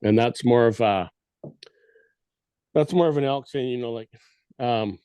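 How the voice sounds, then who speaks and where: A man's voice: medium pitch, moderate pace, long pauses, mellow, clear, resonant tone, dry recording. A man on a podcast casually explaining elk cow calls and sometimes mimicking them with his voice. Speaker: guest elk calling expert.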